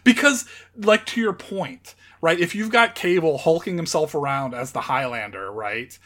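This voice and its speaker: A man's voice: fairly high pitch, a bit bright. A man co-hosting a film podcast, talking loosely and often laughing as he searches for names. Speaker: podcast co-host. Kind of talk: casual film chat.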